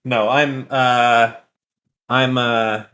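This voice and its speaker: A man's voice: medium pitch, little pitch movement, extremely slow, pushed and bright, a little hiss or hum. Crude joking young man on a stream. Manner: crude, joking, swears a lot. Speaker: co-host of call-in dating show. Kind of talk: casual streaming chat.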